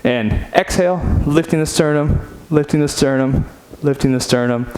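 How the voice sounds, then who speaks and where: A man's voice: fairly high pitch, moderate pace, a little mellow, slight background noise, low-quality recording. A man instructing a guided seated stretching workout, upbeat and chatty, counting reps aloud in a home studio. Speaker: fitness instructor.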